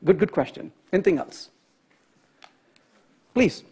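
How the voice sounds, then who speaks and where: A man giving a conference programming talk, chatty and animated, often checking in with the audience. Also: sits high, takes it slowly, husky. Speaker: conference speaker. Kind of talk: technical talk with anecdotes.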